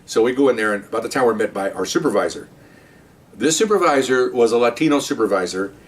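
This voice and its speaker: A middle-aged man, a former police officer, telling a story from his patrol days in a casual, animated way, talking to his listeners. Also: on the low side, quick pace, far from the mic. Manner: conversational, animated, asides to listeners.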